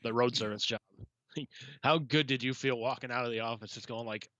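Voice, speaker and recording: Blunt man, podcast co-host, swears a lot, bright tone. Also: medium pitch, steady tone, moderate pace, dry recording, muffled recording. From not from the UK. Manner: blunt, swears freely, laughs often. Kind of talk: casual chat.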